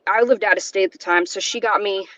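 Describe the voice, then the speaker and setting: A woman's voice: mid-range voice, fairly even intonation, fairly bright tone, slight background noise. Shaky woman on a lo-fi call. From South Carolina. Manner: halting, with nervous laughs. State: shaky, close to tears. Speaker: guest. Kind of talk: emotional personal testimony. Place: in her car.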